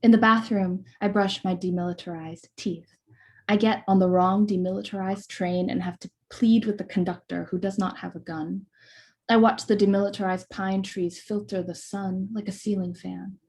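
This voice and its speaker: Woman poet reading her own verse over a video call, warm and mellow, steady rhythmic delivery. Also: mid-range voice. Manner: measured, rhythmic recitation with soft hesitant asides.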